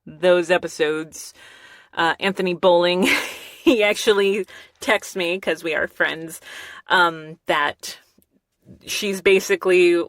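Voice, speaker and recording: A woman hosting a casual solo podcast, catching listeners up in an animated, laughing way. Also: fairly low pitch, dry recording, clean studio sound. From half Mexican. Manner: animated storytelling with frequent laughs. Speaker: podcast host. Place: small recording studio. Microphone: studio microphone.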